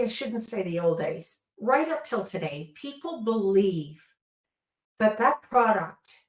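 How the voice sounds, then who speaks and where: Slow-speaking woman trainer in an echoey room. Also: mid-range voice, a little mellow. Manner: earnest, explanatory, restarts and corrects herself. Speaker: tattoo removal trainer. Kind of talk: instructional product demonstration.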